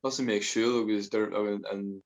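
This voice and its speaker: Low-voiced man telling rambling stories. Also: fairly even intonation, normal speed, highs cut off. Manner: rambling, switches between Irish and English, laughs often. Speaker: podcast guest. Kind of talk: casual storytelling chat.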